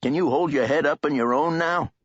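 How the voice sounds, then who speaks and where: A man's voice: fairly high pitch, brisk, slightly rough, no room sound, pitched above the performer's own voice. A man voicing a kindly, talkative old man with a folksy, drawling delivery in an audiobook. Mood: reassuring. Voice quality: folksy, drawling and sing-song. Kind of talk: audiobook character voice. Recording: dull lo-fi dry recording.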